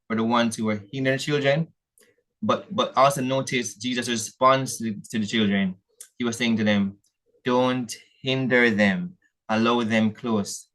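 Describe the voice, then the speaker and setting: A man's voice: medium pitch, fairly bright tone. A Jamaican church elder preaching a sermon in a meeting hall, earnest and calling his listeners family, often restarting his sentences.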